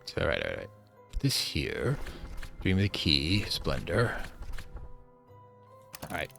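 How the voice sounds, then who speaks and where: A man's voice: extremely low pitch, wildly swooping pitch, takes it slowly, gravelly, fairly bright tone, faint music behind. Playful man narrating a game. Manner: playful, slips into mock-villain theatrics. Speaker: let's play host. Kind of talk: casual gameplay commentary.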